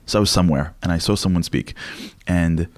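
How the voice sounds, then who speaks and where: A man in his forties, a lecturer speaking as a guest in an interview, telling stories in an animated way with frequent restarts. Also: deep voice. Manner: animated, fast, with many restarts. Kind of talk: conversational storytelling interview.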